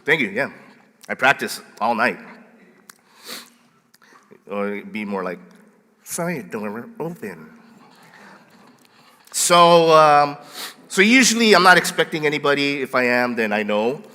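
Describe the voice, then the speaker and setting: A male pastor preaching a sermon, telling stories in a playful, animated way and acting out scenes. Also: mid-range voice, moderate pace, long pauses, long reverb tail. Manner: playful, animated storyteller who acts out scenes. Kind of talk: sermon with storytelling. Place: church sanctuary.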